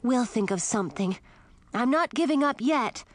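A high, breathless young princess, earnest and urgent, her pitch leaping about in a storybook reading, as a woman puts her on. Dry, close sound. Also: animated, normal speed, no echo. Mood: pleading.

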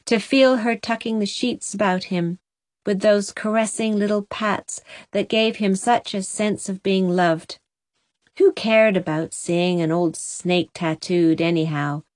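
A woman narrates an audiobook in a gentle, measured way. Her voice sits in the middle range, and the recording is dry with no room sound. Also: medium pitch, dry recording.

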